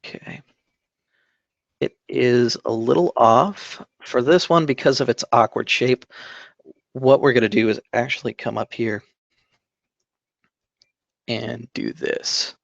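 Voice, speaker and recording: Gravelly-voiced man walking through a map tutorial. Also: medium pitch, slow, pauses often, no echo, lo-fi sound. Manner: relaxed step-by-step instruction with fillers and self-corrections. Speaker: tabletop game channel host. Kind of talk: screen-recorded drawing tutorial. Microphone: desk microphone.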